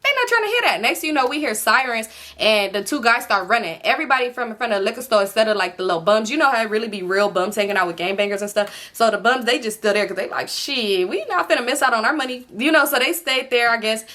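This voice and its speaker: A woman vlogger telling a story to her viewers in an animated, profane, chatty way. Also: fairly high pitch, fast, few pauses.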